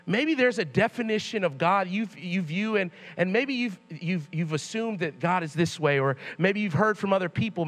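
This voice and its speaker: A young male youth pastor with a notably high voice tells a church sermon as a casual, animated story. He keeps it loose and slangy, like he's talking to friends. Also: normal speed, hardly any pauses.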